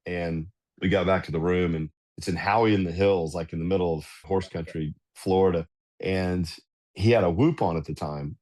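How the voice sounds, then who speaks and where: A middle-aged man, a golf club director and podcast guest, telling anecdotes in casual, animated fashion. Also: deep voice, normal speed. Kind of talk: casual storytelling.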